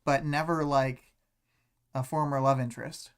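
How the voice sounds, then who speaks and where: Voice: medium pitch, steady tone, measured pace, smooth. Hesitant young adult co-host, rambling. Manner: hesitant, rambling, heavy use of "like". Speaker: podcast co-host. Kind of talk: casual discussion of a web serial.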